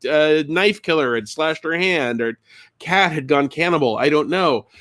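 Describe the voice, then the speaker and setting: A middle-aged man telling a funny story on a casual live stream, animated and acting out the screams. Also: on the high side. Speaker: co-host and game designer.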